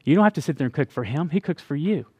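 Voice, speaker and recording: A man's voice: fairly high pitch, animated, rapid-fire, a little mellow, slightly rough, no echo, dull audio. A middle-aged man giving a conversational sermon to a church congregation, chatty, with laughing asides and frequent "right?" checks with the listeners. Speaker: pastor.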